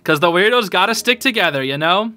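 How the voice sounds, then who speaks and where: High, bright-voiced excited young man. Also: fairly quick. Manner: excited, slangy, says dude and bro; emotional, a little teary. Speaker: YouTube show reviewer. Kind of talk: casual episode reaction.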